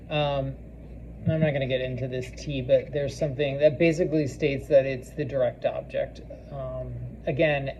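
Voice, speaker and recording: A man teaching a recorded class lesson, halting with many ums and restarts and repeating foreign phrases slowly for practice. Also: medium pitch, vocal fry, dark tone, lo-fi sound, slight background noise. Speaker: language teacher.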